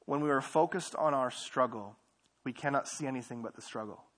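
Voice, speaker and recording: A young man preaching a casual, conversational sermon in a church service, repeating phrases and moving between quiet asides and louder emphasis. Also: medium pitch, a little fast. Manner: conversational, repeats himself, swings between soft and loud. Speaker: pastor.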